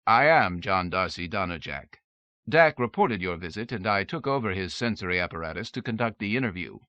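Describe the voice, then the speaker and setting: A man's voice: sits low, expressive, brisk, pushed and bright, no room sound. A man playing a commanding, formal male inventor who speaks in a clipped way, in a dull, dry recording.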